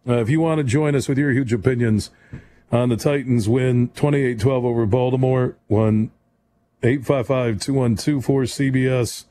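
Male sports radio host, mellow voice, fast-talking, opinionated. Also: mid-range voice, fairly even intonation. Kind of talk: late-night sports call-in show. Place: radio studio.

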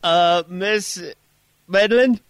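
A man's voice: sits high, takes it slowly, clean tone, no echo, clean studio sound. A man with a South African accent making a prank call in a mock-formal, polite manner. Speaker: radio prank caller.

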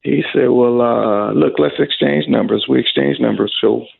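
A middle-aged man with a gravelly, husky voice tells a lively story as an interview guest. He acts out the voices of the people in his tale. The sound is thin and phone-like. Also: medium pitch, moderate pace. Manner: animated storyteller who acts out quoted voices. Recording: phone-like narrow audio.

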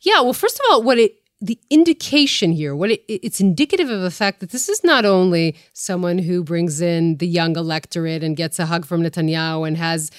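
A woman's voice: lowish voice, expressive, fairly quick, few pauses, clear, resonant tone, no echo, studio quality. A woman journalist co-hosting a news podcast, explaining events in an emphatic, conversational way.

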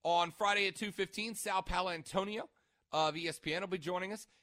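Male sports radio host, bright and a touch high, chatty and rambling, dry close mic. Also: fairly even intonation, brisk, no room sound. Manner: chatty, rambling, stops mid-sentence to check notes. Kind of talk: casual sports radio chat. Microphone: studio microphone.

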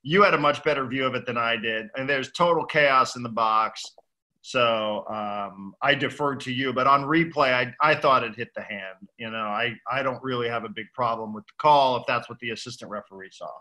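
Bright, forceful male co-host, loose and chatty. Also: medium pitch, normal speed. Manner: relaxed, conversational, swears casually. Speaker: podcast co-host. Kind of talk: casual sports chat.

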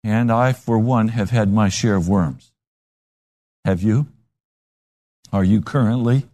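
A man's voice: lowish voice, slow. A man preaching a sermon, telling stories and acting out the voices in them. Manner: animated storytelling with acted-out voices.

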